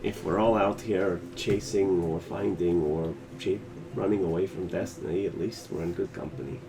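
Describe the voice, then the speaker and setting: A man's voice: sits low, fairly even intonation, moderate pace, noisy background. A man playing a tabletop game, bantering with dry, teasing remarks.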